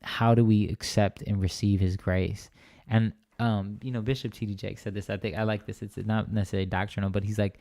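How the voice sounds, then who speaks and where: Man, young adult, interview guest, earnest testimony, rambling, dark mellow tone, flat delivery. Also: fairly low pitch, brisk, creaky, dry recording. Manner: earnest, rambling with many restarts and "right?" tags. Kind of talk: conversational testimony.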